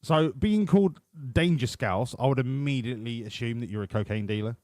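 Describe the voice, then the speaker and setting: A man's voice: mid-range voice, brisk, darkish tone, no room sound, clean studio sound. A man commentating his game livestream, joking and swearing as he banters with his chat. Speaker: streamer. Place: home room.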